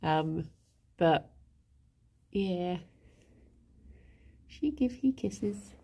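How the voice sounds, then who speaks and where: A woman's voice: lowish voice, animated, drawn-out words, gravelly, dark tone. A young woman streaming live, chatting casually with viewers and rambling to her pet rabbits. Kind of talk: casual chat reading viewer comments.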